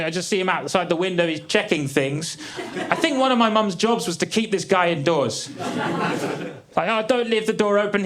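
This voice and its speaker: A young man doing a stand-up comedy set on a theatre stage, deadpan and dry, with the odd high exclaimed punchline. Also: very noisy. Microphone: stage mic. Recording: live theatre with crowd laughter. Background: audience laughing.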